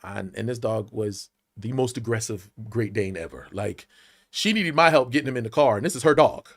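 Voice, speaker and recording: A man's voice: medium pitch, moderate pace. A man in his forties, an actor, telling a personal story in a podcast interview, acting out the voices of the people in it. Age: 40s. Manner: animated storyteller, acts out voices. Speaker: actor guest. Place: podcast studio.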